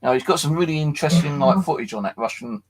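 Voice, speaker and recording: A tired man streaming late at night from his flat, telling a rambling, sweary story and chatting to viewers. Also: fairly high pitch, quick pace, noisy background. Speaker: paranormal live streamer. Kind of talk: casual late-night live stream chat.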